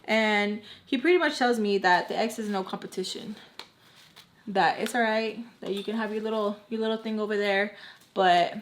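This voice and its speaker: A young woman telling a personal story in a casual, animated storytime chat, packed with "like" and acting out what people said. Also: mid-range voice, normal speed, slight background noise. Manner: chatty, animated, heavy filler "like", acts out quoted voices. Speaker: storytime vlogger.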